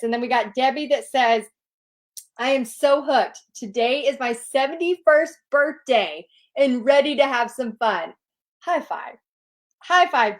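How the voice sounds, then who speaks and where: A middle-aged woman hosts a relaxed live Q&A and reads viewer comments aloud. Her voice sits somewhat high, and she gushes warmly and effusively over each one. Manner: bubbly, gushing, effusive. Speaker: host reading viewer questions. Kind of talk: casual live Q&A.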